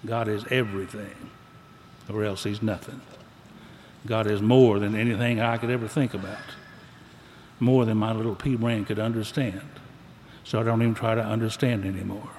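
A man's voice: on the low side, level tone, moderate pace, pauses often, darkish tone. An older man speaking to a recovery meeting, telling his story in a folksy, plainspoken, drawling way. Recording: echoey hall, faint background noise.

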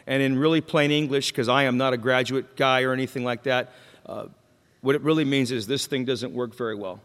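A man's voice: mid-range voice, steady tone, brisk, a bit bright. A man speaking at a recovery meeting, telling his own story candidly with jokes and questions to the crowd. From Mexican-American. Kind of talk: personal testimony talk. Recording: long hall reverb.

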